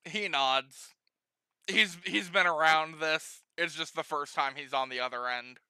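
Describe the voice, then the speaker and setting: A man narrating as game master of a tabletop game, relaxed, laughing often and swearing casually. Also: a little high, a little slow, clear, resonant tone, no echo.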